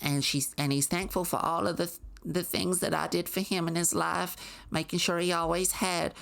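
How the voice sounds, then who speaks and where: A woman's voice: on the low side, steady tone, normal speed, gravelly, a bit bright, pitched above the performer's own voice. A woman putting on the voice of a cheery, naive small-town mother who dotes on her son. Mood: doting, cheery. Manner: sugary, doting, oblivious.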